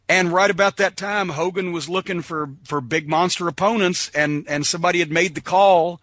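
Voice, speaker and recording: A middle-aged man with a high, bright, forceful voice tells salty road stories as a podcast guest. He jumps into the voices of the people in his tales, close to the mic in a dry studio with no room sound. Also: normal speed, few pauses, no room sound. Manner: animated, profane, acts out voices in his stories. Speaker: guest, former pro wrestler. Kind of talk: casual storytelling.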